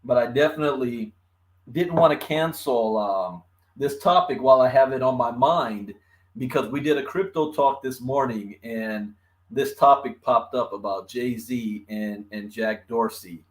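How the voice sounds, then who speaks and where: A man's voice: mid-range voice, unhurried. Man, slight lisp from numbness, chatty live-stream host, friendly greetings, frequent chuckles. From Los Angeles, California. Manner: chatty, greets viewers by name, chuckles often. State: numb mouth from the dentist, slight lisp. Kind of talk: casual live-stream talk.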